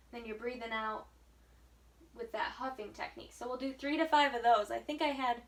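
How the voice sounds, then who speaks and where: A woman's voice: fairly high pitch, steady tone, a little fast. A woman physical therapist patiently coaching a patient through breathing and walking exercises, counting out each breath. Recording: echoey room, far from mic, faint hiss.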